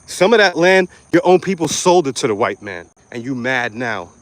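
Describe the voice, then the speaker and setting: A young New York City man rants into the camera as an online commentator, blunt and aggressive, packed with street slang and swearing. His voice is at an everyday middle pitch with a sing-song lilt, moving at normal speed with hardly any pauses and no echo.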